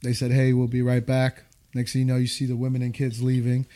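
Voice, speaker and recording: A brisk, medium-pitched American man in his thirties spins a war story casually. He brings it to life, doing the voices of the people he quotes.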